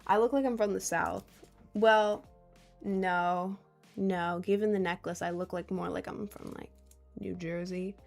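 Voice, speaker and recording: A woman's voice: lowish voice, fairly even intonation, a little slow, creaky, a little mellow, faint music behind. Giggly young woman streamer chatting. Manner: rambling and giggly, reading out chat. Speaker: livestreamer. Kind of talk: casual chat with viewers.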